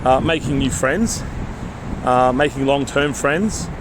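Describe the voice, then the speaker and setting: A man's voice: mid-range voice, slow, background noise. A man with an Australian accent, a vlogger thinking aloud in casual talk to the camera, rambling and restarting his sentences as he goes. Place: city street outdoors.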